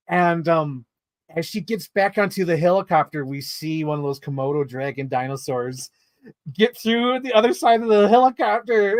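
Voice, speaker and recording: A man casually reviewing movies in a vlog, telling stories in an excitable, rambling way full of swearing and filler words. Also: high-pitched, normal speed, dry recording, studio quality.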